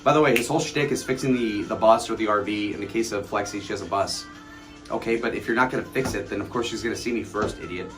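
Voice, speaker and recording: Man, 20s, late-night streamer, casual, rambling, profane, mocking, lowish voice. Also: fast talker, fairly bright tone, soft background music. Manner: reads and answers chat messages aloud. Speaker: livestreamer.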